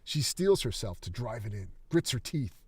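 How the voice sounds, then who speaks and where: A man reading his screenplay aloud in a steady, dramatic manner. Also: mid-range voice, normal speed, husky, dry recording.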